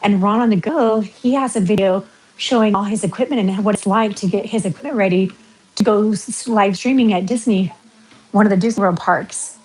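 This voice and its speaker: Middle-aged woman, West Coast American accent, rambling livestream chatter at an average pitch. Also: a little fast, a little mellow, husky, rough recording. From western United States. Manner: chatty, rambling, reads out viewer comments. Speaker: livestream vlogger. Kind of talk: casual livestream chat while walking.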